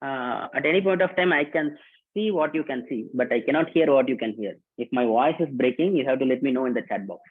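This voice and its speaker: Speaking a little fast in a husky, medium-pitched voice, a male host runs a live online workshop over a video call. He greets participants casually and repetitively, calling out names and instructions, and the audio sounds tinny and phone-like.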